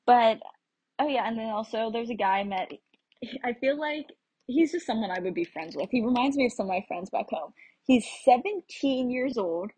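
Young American woman, travel vlogger telling a casual story, slightly husky voice, dry close sound. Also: on the high side, moderate pace, dark tone, no echo, rough recording. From United States. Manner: chatty, rambling with fillers and restarts.

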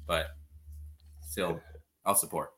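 A man's voice: low-pitched, fairly even intonation, slow, fairly bright tone, a little hiss or hum. A man in his forties, a guest on a call, chatting in a laid-back way and laughing often. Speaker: guest team manager. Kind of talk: casual chat. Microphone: remote call.

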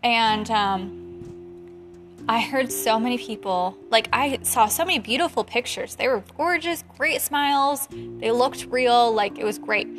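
A woman's voice: fairly high pitch, unhurried. Heated, chatty young woman over music. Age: 20s. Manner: animated, heated, laughs often. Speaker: photographer. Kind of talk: casual chat.

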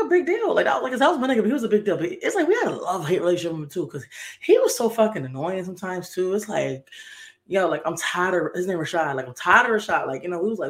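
A woman in her thirties hosting a podcast, telling a personal story in a candid, profane, slang-heavy way with lots of fillers. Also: deep voice. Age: 30s. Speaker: podcast host.

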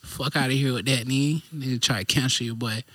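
A man co-hosting a podcast in casual chat, boastful and animated, with heavy slang. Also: medium pitch, fast talker, no room sound. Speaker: podcast co-host.

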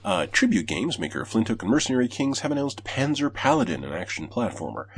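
A man's voice: medium pitch, very animated, quick pace. A man hosting a casual gaming podcast, reading out news and giving blunt, opinionated takes with plenty of swearing.

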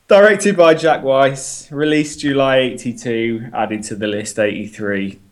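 A man's voice: mid-range voice, steady tone, measured pace. A man co-hosts a podcast and talks in loose, casual chat. He rambles, jokes and swears freely. His delivery stays loose and conversational. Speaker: podcast co-host.

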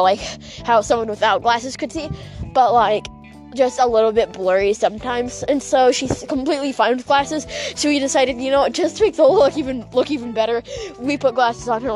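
A woman's voice: on the high side, darkish tone. A woman telling a rambling story while she walks outdoors at night. She giggles often and fills her speech with "like". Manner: rambling, giggly, full of fillers like "like". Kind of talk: casual vlog storytelling.

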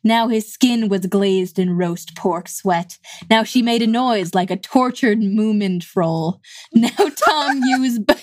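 Woman reading out bits slowly, bit high, dead dry mic. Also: dry recording. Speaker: co-host reading passages. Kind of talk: casual chat and reading aloud.

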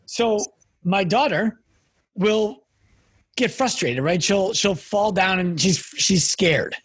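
A husky man with a high voice, chatting as a podcast host. He tells stories with lively quick bursts, and his voice is recorded close and dry. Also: no echo. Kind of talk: casual conversational interview.

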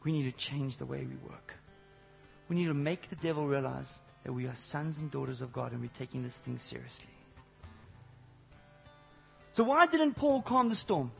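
A man preaching a sermon to a congregation, animated, swinging between loud exclamations and low intimate asides, with many rhetorical questions. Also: normal speed, gravelly, pauses often, dull audio, faint music behind. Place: church service before a congregation.

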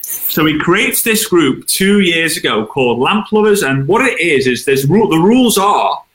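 Bright, echoey man telling stories. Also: on the high side, normal speed. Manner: chatty, animated anecdotes with acted-out quotes. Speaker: guest. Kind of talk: casual interview storytelling. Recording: roomy echo.

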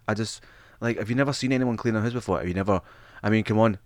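Fast-talking sweary Scottish man. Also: on the low side, no room sound. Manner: sweary, laughing, fast storytelling. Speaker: podcast co-host. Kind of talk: casual chat.

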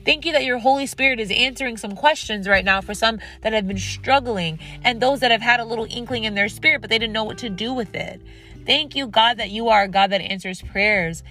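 A woman's voice: on the high side, a little fast, bright, forceful tone, soft background music. A woman hosting a faith podcast, speaking earnestly and repeating phrases for emphasis as she talks and then prays aloud. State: tired and dry-mouthed. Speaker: podcast host. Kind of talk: devotional talk and prayer.

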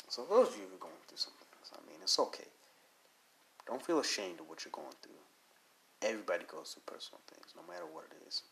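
A man with a fairly low voice hosts his solo podcast while sick with a cold, and he needs to blow his nose. He rambles casually and leans on fillers. His talk is earnest and encouraging. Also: creaky, a bit bright, slight background noise. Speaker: podcast host.

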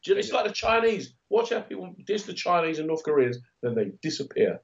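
A man's voice: high voice, big pitch swings, quick pace, gravelly, highs cut off. A middle-aged man, co-hosting a casual chat, blunt and joking, often putting on voices to act out other people. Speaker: podcast co-host.

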